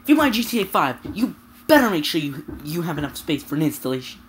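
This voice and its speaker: A woman's voice: sits low, sing-song, quick pace, slight background noise. A young woman vlogger ranting to camera, sweary and exasperated, stumbling over her words. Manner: sweary, exasperated, stammering restarts. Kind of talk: angry rant to camera.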